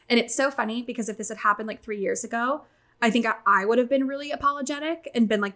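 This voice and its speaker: A young adult woman telling a long story in casual chat, animated and swearing, acting out quotes. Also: mid-range voice, fast talker.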